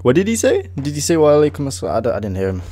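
An English man giving excitable casual commentary while playing a game, shouting at his teammate. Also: a little high, very fast, no echo. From England. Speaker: gaming video host.

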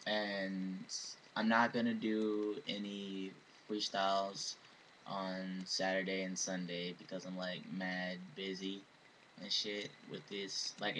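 A man's voice: lowish voice, a bit bright, a little hiss or hum. A young man vlogging casually in slang and profanity, then freestyle rapping to his webcam. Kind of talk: casual talk and freestyle rap.

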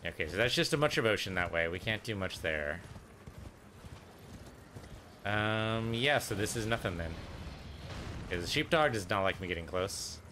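A man's voice: on the low side, lively intonation, normal speed, pauses often, bright, forceful tone, a little hiss or hum. A man casually commenting on his own gameplay, thinking aloud and muttering to himself as he plays. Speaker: let's play gamer.

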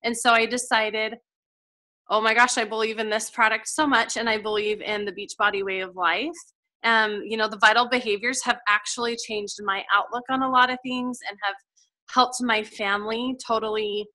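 A woman's voice: on the high side, steady tone, moderate pace, bright, forceful tone. A woman in her thirties telling her personal story in a chatty, emotional way, with lots of fillers. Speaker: guest coach sharing her story. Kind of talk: casual heartfelt testimonial.

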